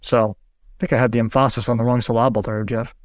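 Male podcast host, mid pitch, dry mic, loose and rambling. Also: little pitch movement, quick pace, dry recording. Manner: rambling, searching questions with fillers. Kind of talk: conversational interview.

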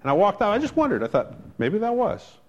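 A man's voice: high voice, wildly swooping pitch, fairly quick, muffled recording. Man preaching a chatty storytelling sermon. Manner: conversational storytelling, wry asides. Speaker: pastor.

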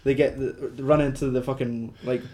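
A man's voice: mid-range voice, fairly even intonation, normal speed, darkish tone. A man co-hosting a casual film chat, rambling and sweary with lots of fillers. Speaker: podcast co-host.

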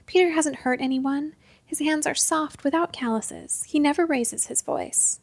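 A woman voicing a soft-spoken older male village elder who reasons calmly and gently with the crowd. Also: high-pitched, measured pace, gravelly, dry recording.

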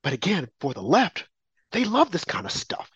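Man, talk radio co-host, slightly high voice, rambling opinionated rant, dry studio. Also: moderate pace, husky, no room sound, highs cut off. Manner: rambling, restarts, animated rants.

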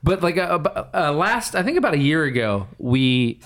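A man's voice: on the high side, sing-song, normal speed, a bit bright. Rambling man in casual chat. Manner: rambling, lots of fillers, laughs often. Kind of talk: casual chat, reading a blog excerpt aloud.

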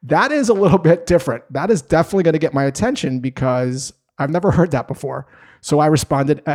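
A man giving a sales lesson in an energetic, emphatic way, telling stories and breaking down steps. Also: a little high, quick pace. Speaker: sales trainer. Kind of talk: instructional talk to camera.

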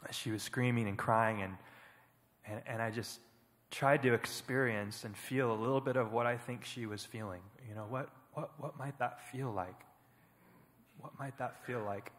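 A man giving an earnest, reflective personal testimony as a panel speaker at church, often pausing and halting. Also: medium pitch, fairly even intonation, fairly bright tone, long reverb tail. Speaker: panel speaker, foster parent.

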